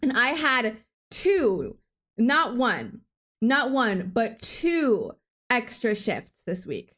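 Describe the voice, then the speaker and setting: High-voiced young woman streamer. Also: sing-song, very slow, fairly bright tone. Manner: rambling, laughs often. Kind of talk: casual chat while gaming.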